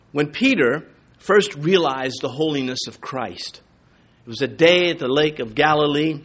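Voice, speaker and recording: A man preaching a sermon, swinging from loud rising lines to hushed low ones, and reading scripture aloud in a steadier, lower tone. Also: slightly rough. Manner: preaching with sudden rises and hushed drops. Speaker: pastor.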